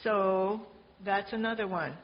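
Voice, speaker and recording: A woman's voice: mid-range voice, unhurried. A woman leading an informal church group discussion, chatty and encouraging, asking the group to chime in. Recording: dull lo-fi sound with faint noise.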